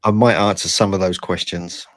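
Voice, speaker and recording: Deep English man with a dry wit. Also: fairly even intonation, normal speed, fairly bright tone, no room sound. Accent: English, mix of London and West Country. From England. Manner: dry, teasing humor. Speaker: guest. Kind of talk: casual interview chat.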